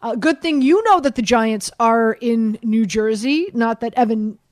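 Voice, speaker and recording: A woman hosting a sports radio show, telling stories in lively casual chat and laughing through them. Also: a little high, a little slow, dry recording. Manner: animated storyteller, laughs through her stories. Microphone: studio microphone.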